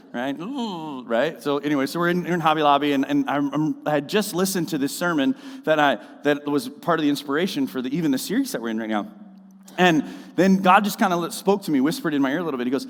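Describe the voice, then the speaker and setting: A man's voice: on the high side, expressive, fast. A man preaching a casual, conversational sermon as the pastor of his church, joking and slipping into mocking voices. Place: church auditorium. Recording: reverberant church hall.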